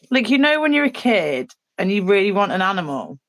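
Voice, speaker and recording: A woman with a British accent talks loosely while she paints. Her speech is hesitant and full of fillers and restarts. Her pitch sits in the middle of the usual range. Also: very animated, normal speed, a bit bright. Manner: rambling, hesitant, many fillers. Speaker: co-host. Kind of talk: casual chat while painting.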